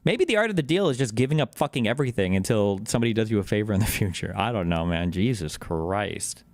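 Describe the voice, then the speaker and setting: A man's voice: fairly low pitch, animated, dry recording. Profane sarcastic male streamer ranting. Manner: profane, fast-shifting, sarcastic. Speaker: streamer reacting to clips. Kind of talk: casual political rant.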